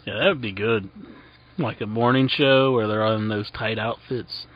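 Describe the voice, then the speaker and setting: A man's voice: on the low side, fairly even intonation, normal speed. A man co-hosting a wrestling talk radio show, teasing callers and laughing along. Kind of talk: casual talk radio banter. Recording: dull lo-fi sound.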